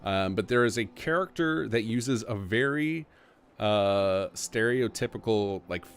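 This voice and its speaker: A man with a fairly low voice hosting a casual livestream. He reads donations aloud and chats in an upbeat way, with faint noise in the background. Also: expressive, measured pace. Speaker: streamer host.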